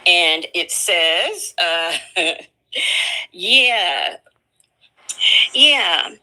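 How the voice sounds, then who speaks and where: Lady streamer chatting slow, real bright tone, voice bounces up and down a lot. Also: fairly low pitch, expressive, rough recording. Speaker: livestream host. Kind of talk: casual livestream chat.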